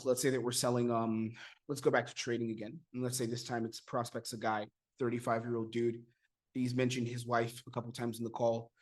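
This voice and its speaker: An American man in a mid-pitched voice coaches viewers on closing sales. He talks with lively energy and calls his viewers guys. He slips into role-play of his calls with prospects. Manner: energetic, addresses viewers as guys, acts out sales-call dialogue. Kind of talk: teaching sales technique to camera.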